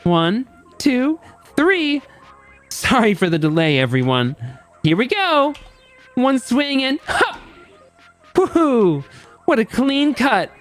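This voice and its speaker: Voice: high-pitched, very animated, takes it slowly, long pauses, soft background music, voice pushed up, heavily acted. A streamer voicing a gleeful, sadistic game-show host in a game, with mocking showman patter. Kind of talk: reading game dialogue aloud.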